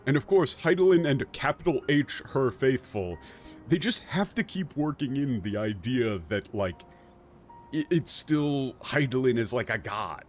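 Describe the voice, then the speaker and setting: A man's voice: mid-range voice, lively intonation, a little slow, faint music behind. A man giving casual, sarcastic commentary on a game's story, swearing and laughing often. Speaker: streamer.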